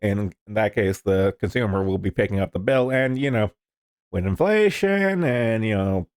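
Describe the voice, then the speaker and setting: Low-voiced man rambling over the news. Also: lively intonation, moderate pace, darkish tone, no room sound, clean studio sound. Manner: rambling, profane, lots of fillers. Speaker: streamer reading the news. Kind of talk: casual news commentary.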